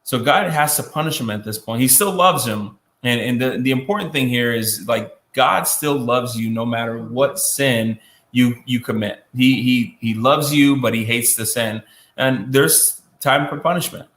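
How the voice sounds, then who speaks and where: A man's voice: medium pitch, moderate pace, a bit bright, roomy sound. Casual man retelling a Bible story. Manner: conversational, many fillers and restarts, acts out quotes. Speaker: Bible teacher.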